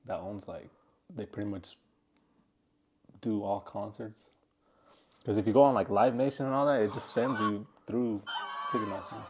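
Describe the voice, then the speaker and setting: A man's voice: lowish voice, normal speed, long pauses, noisy background. A man co-hosting a podcast, chatting casually in a laid-back, rambling way and swearing freely. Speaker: podcast co-host. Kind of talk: casual chat.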